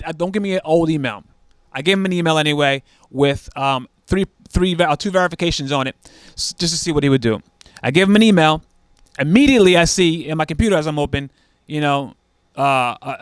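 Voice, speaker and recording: Man, slightly high voice, slangy casual storyteller, dry close sound. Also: clear, resonant tone, no echo. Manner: animated, acts out the scammer's lines in a raised voice; slangy, many fillers.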